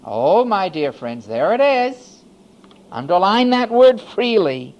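A male pastor preaching a sermon, swinging from hushed asides to loud, emphatic declarations. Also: sits high, big pitch swings, takes it slowly, lo-fi sound.

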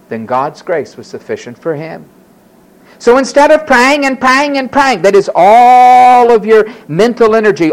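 Animated high-voiced male preacher. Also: poor audio. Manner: animated, acts out quoted voices. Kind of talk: sermon.

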